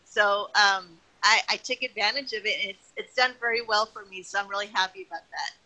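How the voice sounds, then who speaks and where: Bright, sharp-voiced middle-aged woman. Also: mid-range voice, brisk, low-quality recording. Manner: animated, chatty, tells anecdotes with acted-out quotes. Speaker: guest, retired wrestling personality. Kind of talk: casual interview storytelling.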